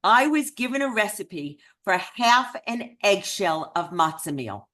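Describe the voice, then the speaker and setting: A woman giving a personal storytelling talk at a remembrance event, expressive and lively. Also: mid-range voice, measured pace, few pauses.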